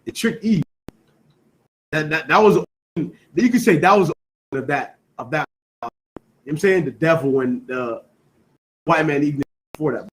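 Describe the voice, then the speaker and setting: A man's voice: a little high, moderate pace, long pauses, poor audio. Emphatic man quizzing his Bible class. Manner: quizzing students with repeated questions, emphatic; peppers talk with "you know what I'm saying". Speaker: scripture class teacher. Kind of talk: call-and-response Bible class.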